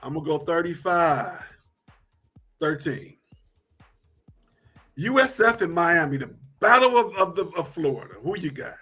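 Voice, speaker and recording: High-voiced man hosting sports talk. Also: animated, measured pace, long pauses, pushed and bright, husky, faint music behind. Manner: loose, repeats himself, laughs easily. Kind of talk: casual sports chat.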